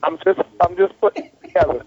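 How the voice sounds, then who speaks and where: A man's voice: sits high, fast talker, breathy edge. A man in casual comedy podcast banter, stammering and exasperated, trying to tone down his language. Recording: dull lo-fi podcast audio.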